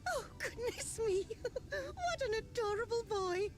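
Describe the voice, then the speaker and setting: A pampered noblewoman gushes in a strikingly high voice. Her delivery is tremulous and slow, with each exclamation swooping up and down. Game music plays behind her. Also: animated. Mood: gushing. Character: gushing pampered noble lady, doting and fussy.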